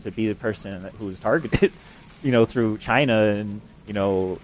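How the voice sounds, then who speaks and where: A man's voice: fairly low pitch, moderate pace, slight background noise. A young adult man telling a long, rambling story, swearing constantly and padding it with fillers. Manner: crude, profane, rambling, with frequent fillers and swearing. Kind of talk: rambling profane storytelling monologue.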